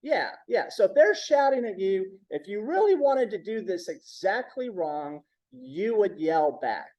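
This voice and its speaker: A man's voice: sits high, sing-song, measured pace, highs cut off. A man giving a conversational training talk, checking in with the audience with frequent "right?". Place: symposium room.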